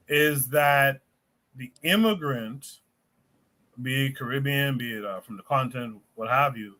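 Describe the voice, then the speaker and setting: A man hosts a podcast livestream, putting questions to his panel and steering the talk toward the next topic. His voice is bright and forceful, and he sometimes stumbles over his words. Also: mid-range voice. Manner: questioning, moderating, a bit halting. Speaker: podcast host and moderator. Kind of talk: livestream discussion.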